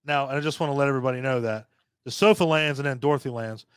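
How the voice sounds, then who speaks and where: A man's voice: medium pitch, rapid-fire, clear, resonant tone, no room sound. A man co-hosting a podcast, rambling profanely through a movie review and acting out characters' lines. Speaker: podcast co-host. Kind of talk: casual movie review chat.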